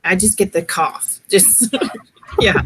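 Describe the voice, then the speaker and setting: A woman chatting casually with friends in a lilting, sing-song voice with a touch of rasp. She laughs often and talks with lively animation. Faint noise sits behind her voice. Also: medium pitch, takes it slowly. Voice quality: slightly raspy, coughs easily. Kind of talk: casual chat.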